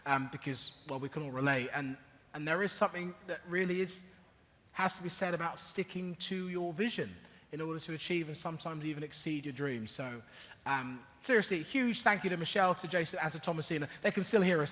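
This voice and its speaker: A man with a high, bright voice hosts a live conference panel on stage, full of energy as he rouses the audience. His voice rings through a large hall, with a faint crowd behind him. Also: a little fast. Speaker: event host and panel moderator.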